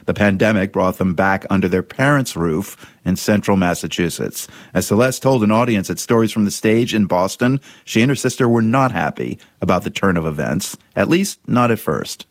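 A man hosting a radio news program, reading a calm, measured introduction. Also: lowish voice, no echo, clean studio sound. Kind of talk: scripted broadcast introduction.

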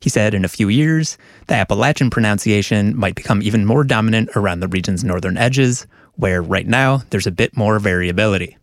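A man filing a scripted radio news report in measured reporter narration. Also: fairly low pitch, dry recording, clean studio sound.

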